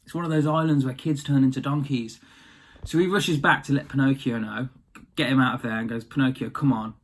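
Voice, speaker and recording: A man's voice: medium pitch, a little fast. A man casually retelling a fairy tale, chatty and slangy. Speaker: storyteller.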